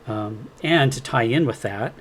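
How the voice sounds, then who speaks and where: A man in his fifties, a podcast guest recounting his experiences with lively, animated energy. He slips into the voices of the people he quotes and laughs easily, at an ordinary pitch for a man, with a faint hiss of noise behind him. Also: unhurried. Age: 50s. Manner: animated, acts out quoted dialogue, laughs often. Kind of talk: casual interview storytelling.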